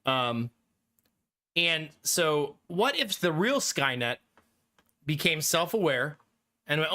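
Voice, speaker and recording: A man's voice: on the high side, lively intonation, unhurried, bright, forceful tone. A man in his thirties, a live streamer chatting casually and jokingly with his viewers, often breaking into giggles. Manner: giggly, joking, talks to chat.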